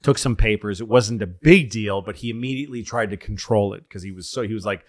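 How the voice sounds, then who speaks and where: A man's voice: lowish voice, fast. A man in a casual chat, rambling through history stories, quoting people and swearing. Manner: rambling, animated history storytelling with quoted voices and profanity.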